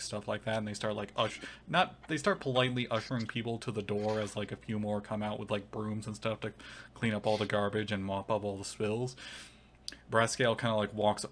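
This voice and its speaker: A man's voice: on the low side, a bit bright, slight background noise. A man narrating a tabletop game as game master, in a rambling way full of fillers.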